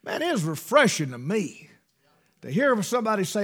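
Animated high-pitched preacher man. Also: measured pace. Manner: folksy, emphatic, swings between loud bursts and hushed asides. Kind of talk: sermon.

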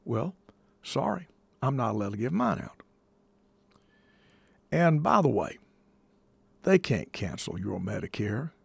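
A man speaks with a gravelly, rough edge, pressing each warning with repetition and folksy turns of phrase. His voice sits dry and close, with little room around it, and his pitch stays mid-range. He sounds like a call-in show host with a preacher's ring. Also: big pitch swings, a little slow, pauses often, dry recording. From United States. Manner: emphatic, folksy, repeats himself for stress. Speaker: host taking calls. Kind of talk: casual on-air talk with preacherly touches.

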